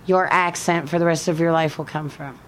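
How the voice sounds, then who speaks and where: A woman's voice: sits low, fairly even intonation, brisk, a little hiss or hum. A middle-aged woman from around Buffalo, with an accent mixing Western New York and Alabama southern, chatting in a casual interview. She is plain-spoken and laughs often. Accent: mixed Western New York and Alabama southern. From Buffalo, New York area. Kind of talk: casual conversation.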